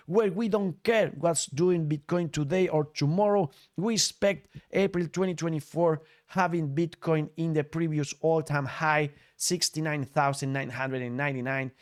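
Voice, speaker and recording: Man, crypto news host, slightly high voice, unhurried delivery, jokey. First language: Spanish. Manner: upbeat, jokey, nonnative phrasing. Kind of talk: casual news commentary over clips.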